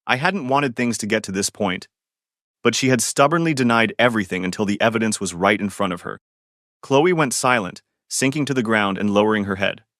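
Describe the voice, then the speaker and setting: A man narrating a first-person drama story in a calm, even scripted reading. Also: lowish voice, a little fast, dry recording, clean studio sound.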